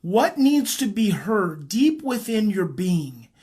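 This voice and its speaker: A man, a parenting educator, leading a guided emotional exercise in a slow, repetitive coaching cadence. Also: high-pitched, sing-song, darkish tone, husky.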